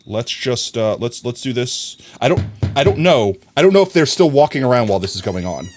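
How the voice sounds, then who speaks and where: A man's voice: medium pitch, big pitch swings, brisk, a little hiss or hum. Chatty young man streaming. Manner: chatty, laughs easily, talks to chat. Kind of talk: casual live-stream commentary.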